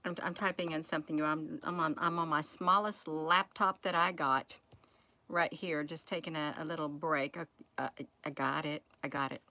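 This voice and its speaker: Her voice is deep, sharp, and steady, moving at normal speed. The channel host rambles casually on her vlog, addressing "you all" and peppering viewers with one rhetorical question after another.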